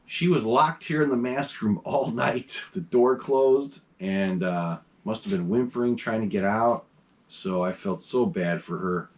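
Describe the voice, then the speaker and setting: A man's voice: on the low side, measured pace, darkish tone. A man hosting a horror mask collection vlog, chatting casually from a desk in his home mask room, enthusiastic and rambling with lots of fillers.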